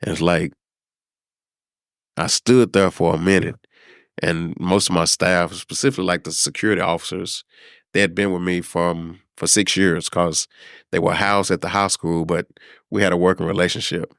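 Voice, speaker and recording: A middle-aged man from South Dallas, a podcast guest telling a personal story in an unhurried, reflective way, with many pauses and fillers. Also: sits low, level tone, a bit bright, no room sound, clean studio sound. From South Dallas, Texas. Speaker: podcast guest, former high school principal.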